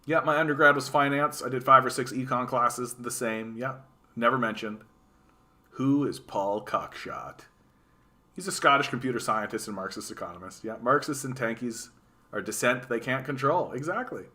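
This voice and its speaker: A man's voice: medium pitch, normal speed. A man with a Canadian accent giving casual, sarcastic political commentary on a live stream, reacting to chat and often restarting his sentences. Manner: animated, sarcastic, repeats words and restarts.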